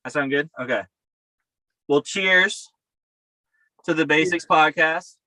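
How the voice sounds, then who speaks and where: A man's voice: on the high side, slow, bright, forceful tone, no room sound, low-quality recording. A man co-hosting a podcast over a video call from his camper, talking in a profane, upbeat, rambling way. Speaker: podcast co-host. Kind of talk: casual chat. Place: camper by a river outdoors.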